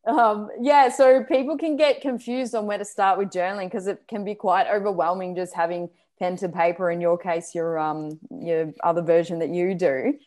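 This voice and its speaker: A woman's voice: fairly low pitch, fairly even intonation, moderate pace, few pauses, a little mellow. A woman co-hosting a podcast, chatting casually and acting out little quotes as she talks. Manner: chatty, laughs easily, acts out quotes. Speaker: podcast co-host. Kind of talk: casual chat.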